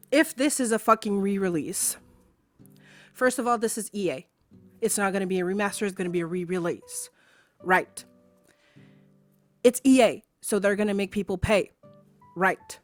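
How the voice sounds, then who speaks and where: A fired-up woman streamer rants to her chat, swearing, sarcastic and hammering the same points again and again. Her voice sits at an everyday middle pitch. She is close and dry on a desk mic, with faint music underneath. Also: no echo. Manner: swearing, heated, sarcastic, repeats herself. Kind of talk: angry rant to a live stream chat.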